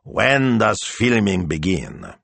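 A gruff, demanding older father grunts his words slowly, low and quiet, as a male narrator puts him on. The audiobook voice is deep and dry, with nothing of the room around it. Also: wildly swooping pitch, dry recording, heavily acted.

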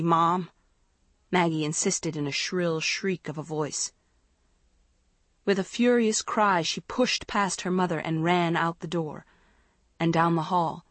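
A woman narrating a story in a measured, expressive reading. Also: on the low side, no room sound. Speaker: audiobook narrator. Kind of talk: scripted narration.

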